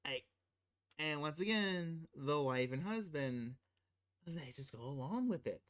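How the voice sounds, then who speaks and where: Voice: mid-range voice, animated, unhurried. Casual film rant, exasperated, rambling, restarts, incredulous host. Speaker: channel host.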